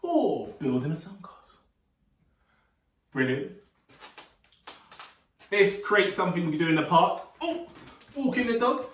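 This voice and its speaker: A man with a fairly high voice leads a children's movement and relaxation workshop. He is upbeat and encouraging, with playful sing-song call-outs. His voice sounds roomy and comes from some distance off the mic. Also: sing-song, measured pace, pauses often. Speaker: workshop leader.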